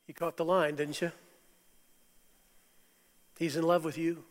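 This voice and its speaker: A man's voice: a little high, level tone, unhurried, long pauses, big-room sound. A man closing a sermon and leading a sung hymn as worship leader.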